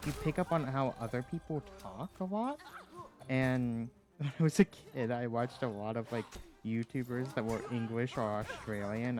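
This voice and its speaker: A man from the Appalachian United States chatting casually while streaming a game, rambling and hesitant, with lots of fillers and small laughs. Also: mid-range voice.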